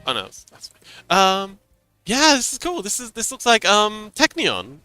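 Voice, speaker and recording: A man's voice: sits high, huge pitch swings, unhurried, sharp tone, clear, resonant tone, faint music behind. A man chatting casually on a livestream as a game master, telling a story animatedly and laughing often.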